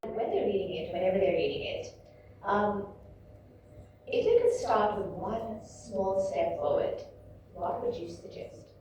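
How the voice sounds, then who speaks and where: A woman's voice: medium pitch, animated, measured pace, a little mellow, a little hiss or hum. A woman hosting a question-and-answer session, asking questions in a conversational way with lots of fillers. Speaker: event host. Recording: echoey hall, distant mic.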